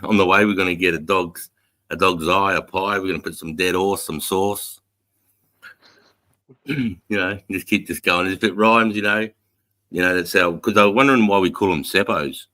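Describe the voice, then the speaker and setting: A man's voice: sits low, steady tone, normal speed, pushed and bright. An Australian man telling stories in a casual livestream chat, swearing constantly, laughing often and rattling off rhyming slang. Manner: profane, laughing storyteller fond of rhyming slang. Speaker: livestream co-host.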